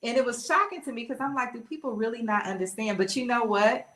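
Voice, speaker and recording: A woman from New Orleans hosting a casual chat, telling stories in an animated, emphatic way. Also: on the high side, quick pace. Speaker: host.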